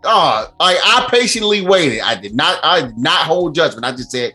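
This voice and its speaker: A man hosting a podcast in casual chat, animated and profane, laughing often. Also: fairly high pitch, moderate pace, soft background music. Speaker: podcast host.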